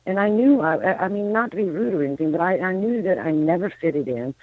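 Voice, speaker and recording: A woman's voice: fairly low pitch, expressive, quick pace, dry recording. A woman in her fifties, a psychic medium guest, telling rambling stories on a radio phone-in, often restarting her sentences. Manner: rambling storyteller, frequent restarts. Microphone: telephone. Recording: tinny phone line.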